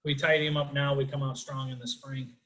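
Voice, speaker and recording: A man's voice: medium pitch, level tone, brisk, fairly bright tone, poor audio. A middle-aged man with a Chicago accent doing a chatty, self-deprecating stand-up routine over a video call, full of fillers. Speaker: stand-up comedian.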